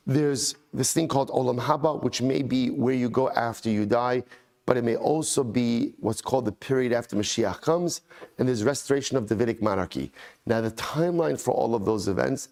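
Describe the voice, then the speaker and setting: A rabbi teaching his daily Talmud class, his voice sitting right in the middle of the usual male pitch range. He chants each passage of the text, then switches to a relaxed, conversational English explanation. He often repeats a phrase to stress a point and builds up real excitement as he goes. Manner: enthusiastic, repeats phrases for emphasis.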